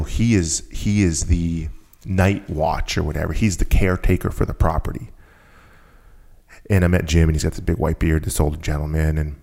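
A man with a very deep, gravelly voice tells a story as a guest in a relaxed conversation. He talks with energy and often restarts or repeats his phrases as he goes. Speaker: guest telling a business story.

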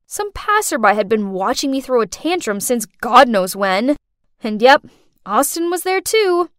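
Woman narrator, first-person story, high voice, lively swooping melody, dramatic. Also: no room sound, studio quality.

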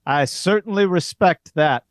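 A man's voice: high voice, a little slow, no echo, pitched above the performer's own voice. A man voicing a folksy park host. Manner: drawling frontier talk, genial and smooth.

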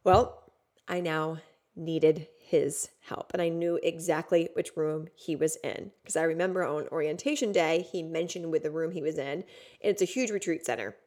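A woman's voice: low voice, fairly quick, darkish tone. A woman hosting a podcast, telling a personal story candidly and emotionally, with frequent swearing. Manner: candid, profane, emotional retelling. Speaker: podcast host.

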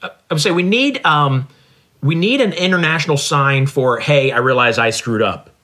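A man's voice: on the high side, expressive, normal speed, bright, forceful tone. A man co-hosting a podcast over a remote call, chatting casually and playfully mocking himself. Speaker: podcast co-host. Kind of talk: casual chat.

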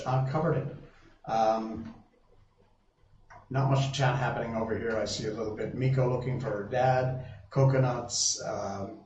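A man's voice: medium pitch, a little mellow. A man hosting a live stream in casual chat, rambling, restarting his sentences and reading viewer comments aloud. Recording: roomy, distant, dull lo-fi sound with faint noise.

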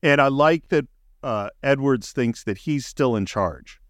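A man's voice: medium pitch, expressive, a little slow, no room sound. An enthusiastic man walks through scenes of a movie on a casual podcast. His voice sits mid-range, and the recording is dry and close, with no room sound. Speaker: podcast co-host. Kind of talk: casual film discussion.

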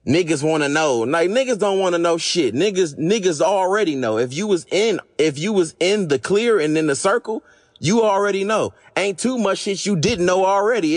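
A podcast host with a hoarse, fading voice, delivering a blunt, profane, exasperated monologue. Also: male voice, high-pitched. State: losing his voice.

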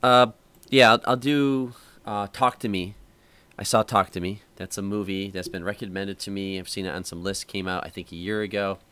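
A man with a fairly low voice rambles through a story on a relaxed podcast chat. He keeps circling back, piling up "like" and "um" as he goes. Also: moderate pace, smooth. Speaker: podcast host. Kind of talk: casual chat.

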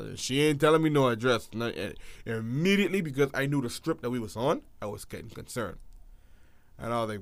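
A man casually telling a story, acting out quotes and swinging between hushed and loud. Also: mid-range voice, big pitch swings, fast, vocal fry, no room sound.

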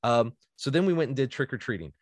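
A man's voice: mid-range voice, fast talker, no echo. A man in his thirties telling a casual story, laughing often and acting out what people said. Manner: animated, laughs often, acts out quotes.

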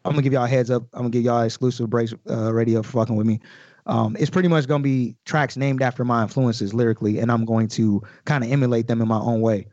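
A man's voice: medium pitch, dry recording, dull audio. A man, a guest rapper on a podcast, breaking down his lyrics in loose, slangy casual chat full of swearing.

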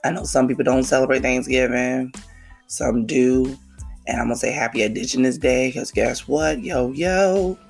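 A podcast host from New with a gravelly, croaky voice that sits at a middle pitch. The talk is a casual, hyped monologue packed with slang and quick shout-outs. Faint music plays underneath. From New York City. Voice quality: croaky, frog-like voice.

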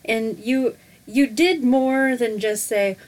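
A woman's voice: fairly high pitch, slow pace. Young woman podcast co-host, gushing, emphatic, chatty. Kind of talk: casual chat.

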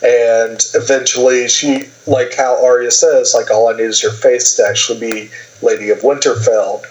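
A man's voice: mid-range voice, steady tone, moderate pace, a little mellow, lo-fi sound. A man co-hosting a podcast, retelling a TV season in a rambling way with lots of fillers and quoted lines. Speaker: podcast co-host. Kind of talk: casual TV recap chat.

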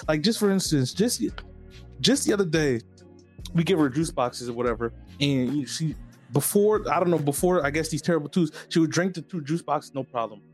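A man's voice: fairly high pitch, lively intonation, moderate pace, husky, soft background music. A man co-hosting a podcast, telling stories in an easygoing way, full of "like" fillers. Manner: easygoing storytelling, lots of "like" fillers. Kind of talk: casual chat.

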